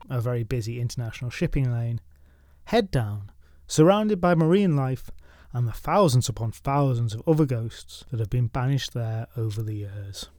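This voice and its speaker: A man narrating folklore stories from a script, with wry, deadpan asides. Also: a little high, no room sound. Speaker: storytelling podcast host.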